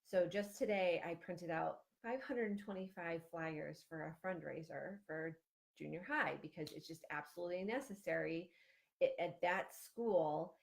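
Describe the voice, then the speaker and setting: A woman's voice: lowish voice, measured pace, gravelly. Chatty woman giving parent-group advice. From Ohio, USA. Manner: chatty and conversational with frequent fillers and restarts. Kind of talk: casual livestream advice talk.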